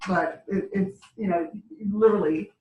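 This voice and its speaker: A woman's voice: medium pitch, fairly even intonation, normal speed, warm tone. Chatty woman in an echoey meeting room. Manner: chatty, laughs through her stories. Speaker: beauty consultant. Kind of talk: casual story-sharing at a sales meeting. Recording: echoey room, distant mic, faint background hum.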